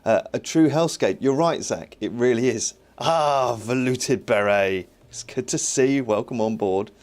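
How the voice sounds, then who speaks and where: A man's voice: medium pitch, a little slow. A man streaming live as he builds his own game, chatting, reading viewer comments and thinking aloud with a self-mocking humour.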